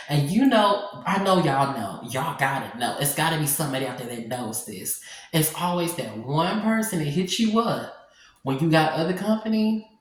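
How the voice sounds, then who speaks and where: A woman telling a personal story in a casual vlog, animated and sassy, talking straight to her viewers. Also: low voice, slight background noise. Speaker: storytime vlogger. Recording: very echoey room.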